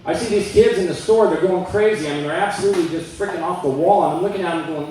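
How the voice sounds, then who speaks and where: Captured by a distant mic in an echoey room with slight background noise, a man does a stand-up comedy set on a club stage. His voice sits high and is a little mellow, and he jokes loosely and conversationally with quick voiced asides.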